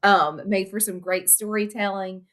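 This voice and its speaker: A woman co-hosting a podcast in casual chat, her voice bright and forward at a middling pitch. She talks in an easy, chatty way and pauses with small fillers. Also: fairly even intonation. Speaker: podcast co-host.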